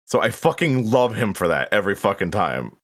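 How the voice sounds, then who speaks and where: Young man, casual livestream chatter, swears freely, lively pitch that swings around. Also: a little fast. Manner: loose, profane and chatty. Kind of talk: casual live-stream chat.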